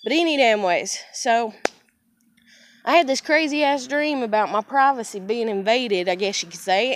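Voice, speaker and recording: A woman's voice: on the high side, moderate pace, a little hiss or hum. A young woman from the United States venting bluntly to camera in an emotional personal rant, swearing heavily. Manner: blunt, heavy swearing, fiery. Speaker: vlogger.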